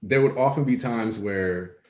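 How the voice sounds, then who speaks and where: A man hosting a casual chat, relaxed and joking as he rambles through a story. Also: lowish voice, unhurried. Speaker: podcast host. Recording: echoey room.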